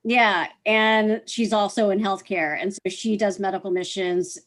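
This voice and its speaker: A woman's voice: medium pitch, steady tone, unhurried. A woman appearing as a podcast guest, speaking in a friendly, casual way. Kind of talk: casual conversational interview.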